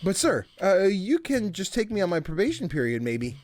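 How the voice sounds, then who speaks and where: A man's voice: high voice, huge pitch swings, moderate pace, a little mellow, no room sound, pitched above the performer's own voice. A man voicing a nervous young immigrant father who answers a job interview politely and hesitantly in a game. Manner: formal, hesitant, many sirs.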